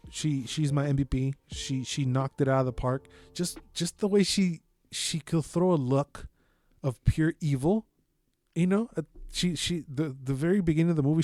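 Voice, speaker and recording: A man's voice: on the high side, no echo. A man co-hosting a podcast in casual chat, swearing freely and talking with emphatic energy. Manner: profane, animated and emphatic. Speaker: podcast co-host.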